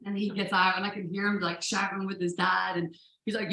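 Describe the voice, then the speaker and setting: Woman, live storytelling, casual and swearing, mid pitch, roomy hall echo. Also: level tone, a little fast, pushed and bright. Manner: casual, profane, laughing. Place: live event space.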